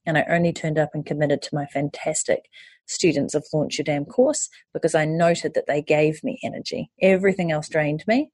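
A woman who hosts a podcast and creates online courses speaks in a low-pitched, husky voice with a darkish tone. She gives candid advice in a chatty manner, swearing casually along the way. The recording has no room sound.

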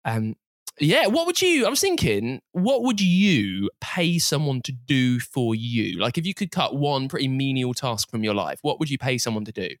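A man's voice: medium pitch, very animated, normal speed, no room sound, clean studio sound. A man hosting a podcast in a casual, teasing chat, laughing often. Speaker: podcast host.

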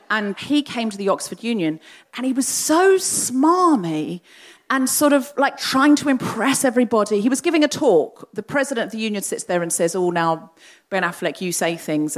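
A middle-aged woman hosting a live show, telling a funny story from her own life to a theatre crowd. She talks at an ordinary pitch for a woman, in a lively, animated way, and slips into the voices of the people she describes. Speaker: podcast host telling a story on stage. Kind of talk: comic storytelling before a live audience. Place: large theatre before a live audience.

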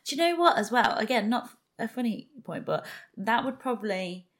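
A woman's voice: fairly high pitch, animated, moderate pace. A woman co-hosting a podcast, chatting casually and explaining her points with lots of "like" fillers. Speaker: podcast co-host. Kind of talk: casual chat.

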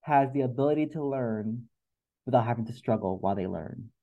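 A man's voice: mid-range voice, a little fast, phone-quality sound. A man as a podcast guest, talking in an earnest, reflective way and often repeating words as he gathers his thoughts. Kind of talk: emotional interview conversation.

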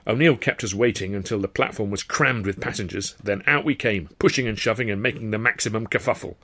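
A man reading his own novel aloud as author-narrator, with brisk, wry storytelling. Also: on the low side, sharp tone. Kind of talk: audiobook narration.

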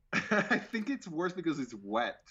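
A man's voice: fairly high pitch, big pitch swings, slow pace, bright, forceful tone, husky. A man co-hosting a casual movie review chat, loose and profane, laughing often. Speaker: podcast co-host. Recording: dull lo-fi audio.

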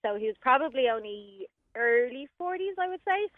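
A woman's voice: sits high, expressive, moderate pace, no echo. A woman calling in to a radio show, chatty and telling her story. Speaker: caller. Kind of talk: phone-in chat. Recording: muffled phone line.

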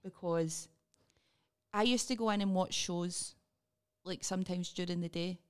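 A Scottish woman comedian hosting a podcast, chatting casually with wry, deadpan, sweary humor. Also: lowish voice, measured pace, clear, resonant tone.

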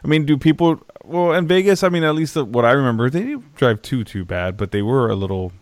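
A man with a voice of middle pitch hosts a relaxed podcast chat. He stammers and repeats words as he works toward his questions, and laughs along easily. The recording is dry and close. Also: fairly quick, no room sound. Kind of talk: casual podcast interview.

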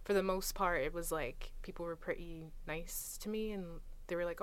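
A young woman talking casually as a guest, retelling stories in a chatty, animated way. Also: on the low side, normal speed. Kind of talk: casual conversation.

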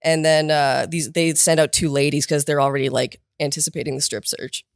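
A woman's voice: sits low, steady tone, fairly quick, clean tone, no echo, studio quality. A woman guest on a podcast telling a story in casual chat. She laughs often, swears freely and acts out other people's lines.

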